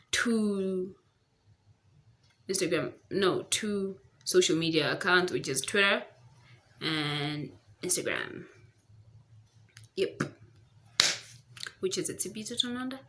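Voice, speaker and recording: Chatty woman vlogger, bright tone, faint room noise behind her. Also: lowish voice. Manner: chatty and gushing, lots of fillers. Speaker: book reviewer. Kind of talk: casual vlog chat. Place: home near a busy road.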